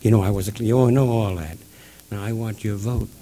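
A man doing a blunt, gruff Southern laborer who used to lead the Klan. He talks in rough, husky bursts with a low, dark tone, pushing his voice upward when he gets worked up. This is a retold voice in a spoken talk. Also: steady tone, a little fast. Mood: defiant.

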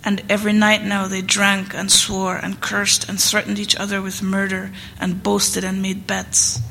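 A woman reading literary fiction aloud in a hall, measured and rhythmic. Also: medium pitch, completely flat delivery, vocal fry, pushed and bright. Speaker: reader. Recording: long hall reverb, faint noise.

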